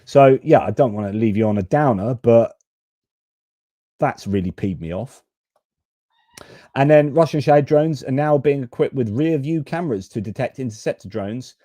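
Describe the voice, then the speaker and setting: A man hosts a live-stream news commentary in a frank, exasperated way, swearing casually. His voice is mellow and warm, and it sounds dry and close. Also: mid-range voice, expressive, moderate pace, no room sound. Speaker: host.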